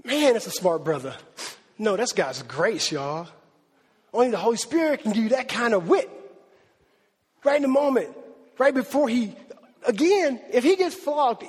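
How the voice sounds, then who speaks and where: A man preaching a lively, conversational sermon in slang, acting out the voices of people in the story. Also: very high-pitched, husky. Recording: long hall reverb.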